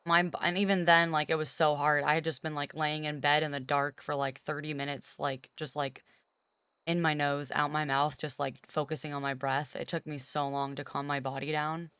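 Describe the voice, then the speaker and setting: A woman's voice: low voice, little pitch movement, moderate pace, fairly bright tone, smooth, dry recording. A young woman from California, a streamer chatting casually with her viewers, rambling with lots of "like" and getting emphatic when she argues a point. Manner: rambling, heavy use of "like", emphatic when arguing.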